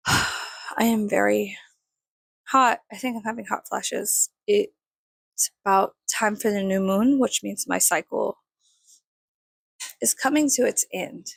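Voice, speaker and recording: A woman's voice: medium pitch, moderate pace, gravelly, long pauses, husky, no room sound. A tired young woman talking casually through her early-morning makeup routine at home, swearing often and poking fun at herself. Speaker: vlogger.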